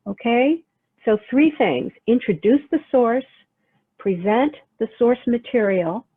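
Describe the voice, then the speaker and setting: A woman's voice: mid-range voice, breathy edge. A woman writing teacher explaining how to use sources in a recorded lecture, conversational and checking in often with "okay?". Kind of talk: recorded lecture over slides. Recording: phone-like narrow sound.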